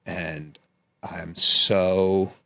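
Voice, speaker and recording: Guest storyteller: deep-voiced man, animated and profane, casual podcast chat. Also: very slow, vocal fry. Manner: animated, acts out quotes in raised voices, swears freely.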